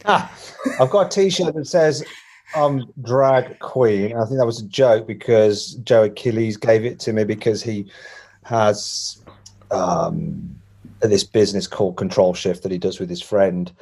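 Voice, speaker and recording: A man's voice: fairly low pitch, measured pace, creaky, a little mellow, breathy edge. A man with a Black Country accent chats as a podcast guest. He talks in a jokey, self-deprecating way and laughs often. His stories ramble along loosely. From England, Walsall. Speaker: guest, motoring journalist. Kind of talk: casual interview chat.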